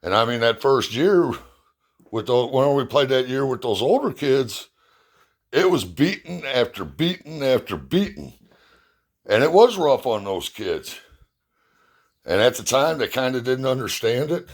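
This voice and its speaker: A man's voice: medium pitch, expressive, unhurried. A middle-aged man casually telling a personal story in a blunt, plainspoken way, cursing freely. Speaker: youth baseball parent and assistant coach.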